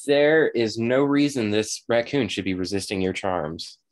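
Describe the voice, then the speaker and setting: A man narrating as game master, relaxed and halting with many fillers. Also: lowish voice.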